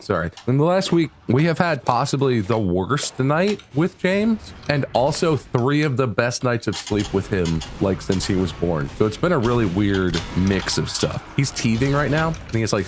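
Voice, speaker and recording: A man's voice: on the low side, a little hiss or hum. A man who sounds a little sick, co-hosting a podcast in casual chat and rambling with lots of restarts. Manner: rambling, with frequent restarts and easy laughs. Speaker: podcast co-host.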